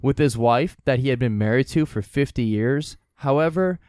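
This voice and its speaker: A man hosting a casual comedy podcast, cracking jokes and laughing at his own lines. His voice is smooth and clear at a middle pitch. He is recorded dry on a close microphone. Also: moderate pace, darkish tone, no echo. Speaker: podcast host presenting the case.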